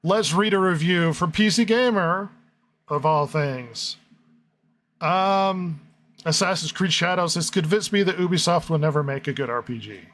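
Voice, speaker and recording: This man hosts a podcast, talking casually and sarcastically as he reads comments and reviews from listeners aloud. He speaks at normal speed in a voice on the high side with a fairly bright tone, over slight background noise.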